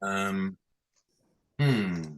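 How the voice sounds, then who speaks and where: A man's voice: sits low, drawn-out words, slight background noise. A man teaching a class on chanting scripture over a video call, explaining patiently step by step and often checking that his students follow. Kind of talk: online lesson on chanting scripture. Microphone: computer mic on a video call.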